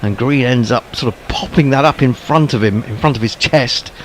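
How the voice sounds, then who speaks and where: A man's voice: medium pitch, moderate pace, slight background noise. A man calling ball-by-ball cricket commentary in a wry, rambling way, full of ums and asides.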